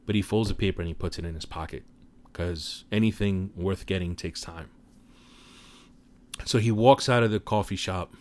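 A man casually retelling a movie plot in an animated way, with offhand swearing. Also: deep voice, normal speed, long pauses. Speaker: film recap commentator.

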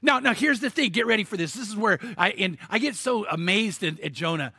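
Guy preaching, high sharp voice, animated storytelling, keeps restarting words, dry sound. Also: fairly quick, breathy edge, dry recording. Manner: animated storytelling with stammered restarts and sudden emphatic outbursts. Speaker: pastor. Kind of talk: sermon.

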